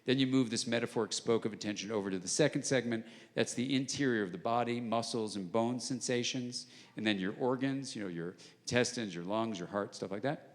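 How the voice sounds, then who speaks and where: A man giving a public lecture, explaining ideas in a conversational way and acting out bits of dialogue, sometimes dropping to a hush. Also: mid-range voice, fairly quick, hardly any pauses. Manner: conversational, acts out dialogue, drops to hushed tones for emphasis. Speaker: guest lecturer. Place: large arts center auditorium. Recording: long reverb of a large hall. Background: live audience.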